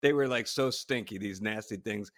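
A man co-hosting a podcast, telling stories in a casual, animated way, laughing often and restarting sentences. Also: lowish voice, normal speed. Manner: animated storytelling, laughing a lot, many restarts. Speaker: podcast co-host, former astronaut. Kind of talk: casual chat.

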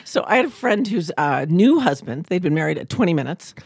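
A middle-aged woman from Oklahoma co-hosts a casual podcast, bawdy and laughing as she acts out quotes. Her husky voice swings wildly in pitch. The sound is dry and close. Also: big pitch swings, a little fast, darkish tone, no room sound. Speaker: podcast co-host. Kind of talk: casual chat.

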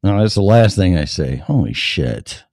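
A man's voice: low-pitched, big pitch swings, moderate pace, darkish tone, no echo, clean studio sound. A man hosting a live show, rambling, swearing and talking to himself between his scripted lines. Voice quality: rambling, profane, talks to himself. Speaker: show host. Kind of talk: casual live show monologue. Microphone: headphones and mic, checked aloud.

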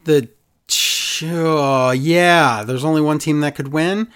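A man's voice: a little high, slow pace, fairly bright tone, clean tone. A man co-hosting a casual wrestling recap chat, sarcastic and exasperated. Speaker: podcast co-host.

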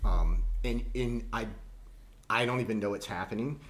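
A man's voice: lowish voice, moderate pace, a bit bright. A man from Georgia with a light Southern accent, hosting a casual podcast chat and talking in rambling restarts. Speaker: podcast host.

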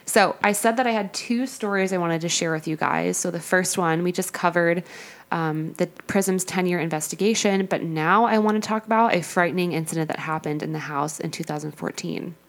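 A young woman with a low, gravelly voice co-hosts a casual paranormal podcast. She reads case notes from her notes in a measured way, then slips back into easy chat with her co-host.

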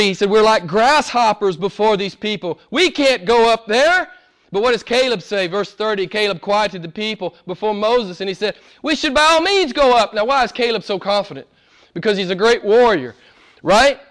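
With a high voice, a man preaching as pastor repeats phrases for emphasis and moves from booming declarations down to quiet near-whispers.

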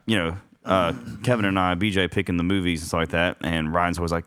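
Deep-voiced man rambling fast. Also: level tone, a bit bright, clean tone, dry recording, clean studio sound. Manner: rambling, self-correcting. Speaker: podcast co-host. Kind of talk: casual chat.

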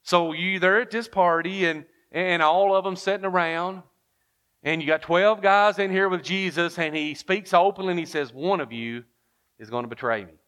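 A man delivers a sermon in an animated storytelling way, pulling listeners in with rhetorical questions. He reads King James verses aloud between his own comments. His voice sits a little on the high side. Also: normal speed, smooth. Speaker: preacher.

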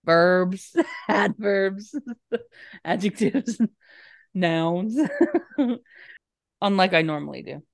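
A woman's voice: fairly low pitch, gravelly. Giggly young woman telling a movie plot, chatty and playful. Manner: giggly, acts out lines in quick voices. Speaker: podcast co-host. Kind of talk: casual chat, retelling a movie plot.

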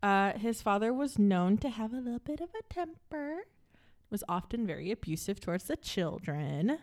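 A woman's voice: medium pitch, lively intonation, moderate pace, darkish tone. A woman hosting a casual true-crime podcast, telling the case with jokey asides and frequent laughs. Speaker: podcast host presenting the case.

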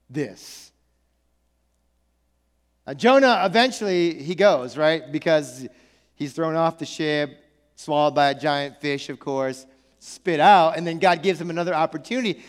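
A male pastor preaching a sermon in church, animated and conversational, with joking asides. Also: sits high, clean tone. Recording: echoey church hall.

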